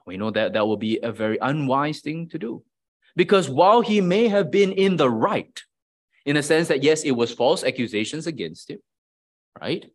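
The preacher speaks at normal speed in a slightly high voice with lively intonation. He treats the sermon like a conversation, teaching and regularly checking in with a "right?"

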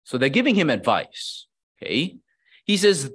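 A man's voice: fairly high pitch, sing-song, moderate pace, a bit bright, slightly rough. A man preaching a sermon in a conversational teaching manner, often checking in with his listeners. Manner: conversational teaching with frequent "right?" asides.

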